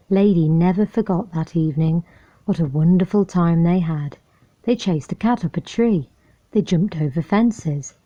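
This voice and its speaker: A woman reads a children's storybook aloud in a calm, friendly voice. Her pace is very slow and her tone is low, soft and mellow. The recording sounds muffled and lo-fi. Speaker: storybook reader.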